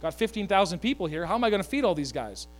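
A man with a high voice preaches a lively sermon, cracking jokes and asking his listeners to say lines back to him. A steady mains hum sits behind his voice. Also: racing. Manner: animated, joking asides, calls for congregation to repeat. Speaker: pastor.

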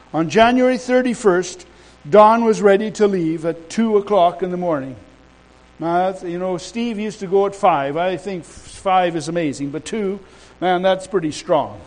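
High-voiced preacher man, folksy and rambling. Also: poor audio. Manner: rambling, restarts, builds to loud emphatic declarations; folksy asides and humor. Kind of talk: sermon.

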